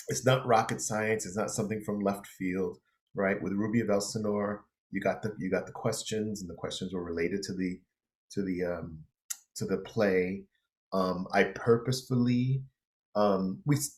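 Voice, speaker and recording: A middle-aged man, a college English instructor, lecturing an online class from his apartment in a loose, relaxed way with many fillers, his throat a little dry. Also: lowish voice.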